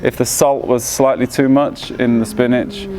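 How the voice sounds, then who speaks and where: A man's voice: mid-range voice, little pitch movement, normal speed, darkish tone, slight background noise. A man casually telling stories about his teacher, hesitant and often restarting his phrases. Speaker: disciple sharing memories. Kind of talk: casual personal reminiscence.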